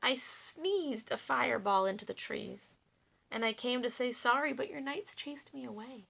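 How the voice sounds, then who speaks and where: A woman voicing a big dragon who speaks softly and apologetically. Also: on the high side, normal speed, vocal fry. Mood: apologetic. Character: large apologetic male dragon.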